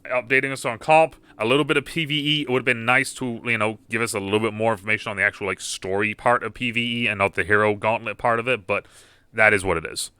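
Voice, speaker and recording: A man's voice: on the low side, steady tone, quick pace, sharp tone, smooth, no room sound. A young man in casual reaction commentary as a gaming video host, rambling with fillers and restarts. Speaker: gaming YouTuber reacting to a game panel.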